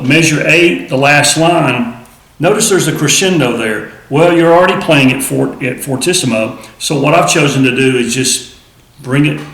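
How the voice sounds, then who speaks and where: A man's voice: mid-range voice, vocal fry. A man teaching a snare drum piece, counting aloud and explaining in a plain, casual way. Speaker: music teacher. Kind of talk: instructional demonstration. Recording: echoey room with loud drumming. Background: snare drum playing.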